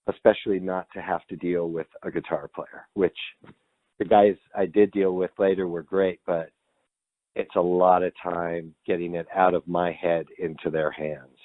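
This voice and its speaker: A man, a composer being interviewed, telling stories in a candid, animated way and swearing freely. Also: deep voice, moderate pace, no room sound. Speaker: composer guest. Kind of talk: casual interview storytelling. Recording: tinny dry phone-like line.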